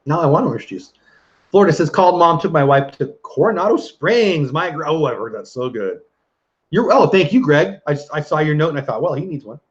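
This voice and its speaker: A man's voice: fairly high pitch, animated, fairly quick. Chatty man hosting a livestream. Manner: chatty, reads viewer comments aloud, laughs easily. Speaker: livestream host reading chat. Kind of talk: casual live chat. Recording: dull lo-fi stream audio.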